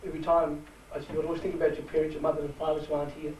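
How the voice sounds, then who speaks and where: A man with a New Zealand Māori accent, giving a halting, heartfelt speech to a rugby team. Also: on the high side, completely flat delivery, slight background noise. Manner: halting, warm-hearted, switches between Māori and English. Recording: echoey room from far off.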